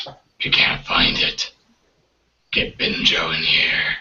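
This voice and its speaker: Gruff deep-voiced guard, curt and commanding, played by the game master, tabletop game over a muffled call. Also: male voice, takes it slowly, sharp tone. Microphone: video call. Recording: distant, dull lo-fi call audio.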